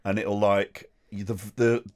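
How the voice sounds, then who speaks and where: A man in casual podcast chat, lively and sweary, laughing often and doing mocking impressions. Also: fairly low pitch, takes it slowly. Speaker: podcast co-host.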